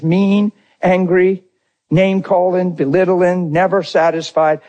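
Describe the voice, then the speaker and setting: A man preaching a sermon, telling a personal story with deep emotion and speaking unrehearsed, calling out to his congregation. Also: steady tone, moderate pace, mellow, highs cut off. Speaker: pastor.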